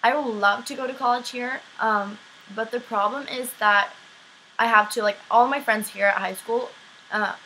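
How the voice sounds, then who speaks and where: A woman's voice: on the high side, fairly even intonation, moderate pace, pushed and bright, a little hiss or hum, rough recording. A teenage girl from Sweden with a light Swedish accent, chatting casually through viewer questions in a vlog, with many "um"s and "like"s. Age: teens. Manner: chatty, filler-heavy, frequent "um" and "like". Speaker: exchange student vlogger.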